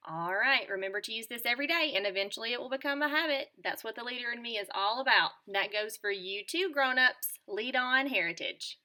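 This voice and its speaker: A woman teacher presenting a scripted lesson to children in a clear, upbeat and encouraging tone. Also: fairly high pitch, fairly quick, few pauses, sharp tone. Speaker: teacher presenting a school morning show lesson.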